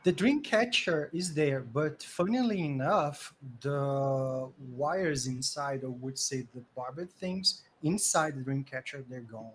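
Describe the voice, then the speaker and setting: A man running a tabletop role-playing game as game master, narrating vividly with pauses and fillers. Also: mid-range voice, a little hiss or hum. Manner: vivid, pausing with fillers, acts out voices.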